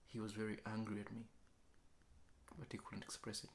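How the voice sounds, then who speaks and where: A man with a low voice speaks in a slow, reflective confessional monologue. He keeps slipping from quiet speech into a hushed whisper, recorded indoors in an apartment. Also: monotone, gravelly, slight background noise. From Kenya. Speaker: vlogger. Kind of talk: late-night confessional monologue.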